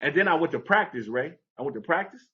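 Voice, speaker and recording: Man telling an animated life story. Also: fast talker, highs cut off. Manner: acts out quoted voices with big pitch jumps. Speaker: podcast guest.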